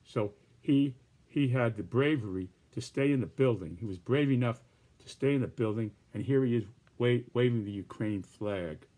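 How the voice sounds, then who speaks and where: A man's voice: mid-range voice, normal speed, mellow. A man presenting his political cartoons in casual, rambling commentary with many restarts and hedges.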